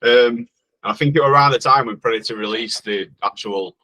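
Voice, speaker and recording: A man's voice: medium pitch, a little fast, pushed and bright, poor audio. A man with a Northern Yorkshire accent, a music producer guest talking modestly in broad dialect. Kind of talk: casual interview chat.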